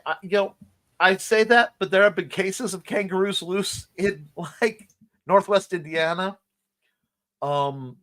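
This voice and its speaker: A man hosting a live-streamed morning show, with a slightly higher voice. He rambles enthusiastically through casual chat, restarting sentences and laughing often. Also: a bit bright.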